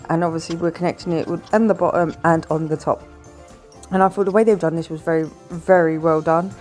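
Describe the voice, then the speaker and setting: Woman, quiet chatty vlog voice, slightly low pitch, faint music behind. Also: steady tone, a little fast. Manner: speaking quietly, chatty and enthusiastic. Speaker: Lego building vlogger. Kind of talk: casual chat over a build video.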